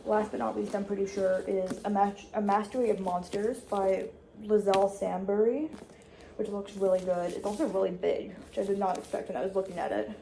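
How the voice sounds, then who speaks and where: Young adult woman, casual dorm-room vlogger, chatty and rambling, mid pitch, faint noise under. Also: fairly even intonation, creaky, dark tone. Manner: chatty, with restarts and quick asides. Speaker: college student vlogger. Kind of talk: casual vlog chat.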